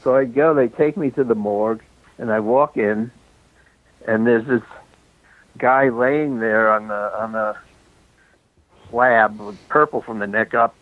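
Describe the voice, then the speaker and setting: A film director guest, an older man with a mid-range voice and fairly even intonation, talks a little slowly with long pauses. Calling in by phone for a casual interview, he spins long, rambling anecdotes, chuckling and restarting sentences, a little breathless from walking around. The tinny line is completely dry.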